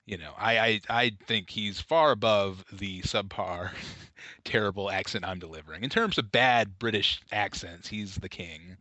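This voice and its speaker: A man's voice: fairly low pitch, unhurried, bright, forceful tone, no room sound. A man co-hosting a casual comedy podcast, rambling and self-deprecating, laughing often. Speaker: podcast co-host.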